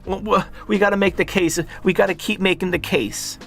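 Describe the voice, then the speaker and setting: Brief: a man playing a timid, preachy man, high, pleading and stammering. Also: steady tone, brisk, vocal fry, a bit bright, faint music behind. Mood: whiny. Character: whiny, timid man, a preachy political moderate.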